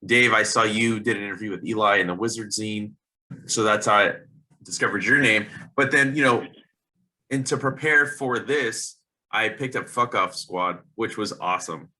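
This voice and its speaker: Man, low pitch, very bright forceful tone, enthusiastic host, rambling. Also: moderate pace. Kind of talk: casual interview chat.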